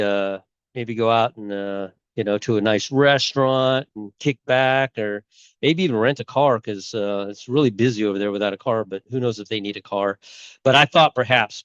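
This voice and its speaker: A man's voice: medium pitch, fairly bright tone, clear, resonant tone, dry recording, dull audio. A middle-aged man talking casually and rambling, with many fillers and restarts, as a channel host. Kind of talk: casual talk on bible timelines.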